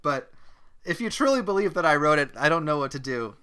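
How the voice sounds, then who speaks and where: A man's voice: fairly high pitch, very animated, brisk, sharp tone, clean tone. A man with an Australian accent hosting a podcast, rambling earnestly in casual comedy chat. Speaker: podcast host.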